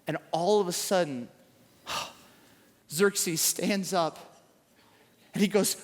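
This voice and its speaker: Animated high-voiced man preaching. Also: slow, long pauses. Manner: animated storytelling with acted quotes. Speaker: pastor. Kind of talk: sermon. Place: church auditorium. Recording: echoey large hall.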